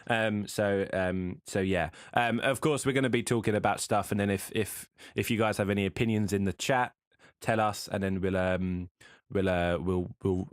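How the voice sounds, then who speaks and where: A man's voice: lowish voice, fairly even intonation, moderate pace, clear, resonant tone, no room sound, studio quality. Rambling man telling a story. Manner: rambling storyteller, many restarts and fillers. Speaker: podcast co-host. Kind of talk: casual chat. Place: home streaming setup.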